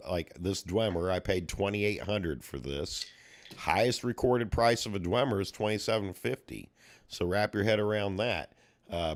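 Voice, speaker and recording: A man streaming live, talking in a profane, heated rant with rising exasperation and mimicking other people in quotes. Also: fairly low pitch. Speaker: livestreamer and puzzle collector. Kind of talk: ranting livestream talk.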